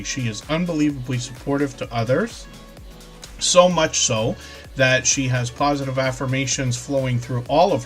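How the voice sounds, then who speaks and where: A man's voice: mid-range voice, fairly bright tone. Casual stream host, man with a lingering cough, chatty and apologetic, faint music behind. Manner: chatty, apologetic, says pardon me often. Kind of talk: casual live stream chat.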